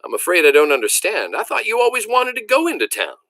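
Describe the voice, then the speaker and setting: A man reading aloud, voicing a booming, kind rural father in a novel. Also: wildly swooping pitch, fast talker, pushed and bright, dry recording, full character voice. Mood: reassuring. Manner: booming, hearty.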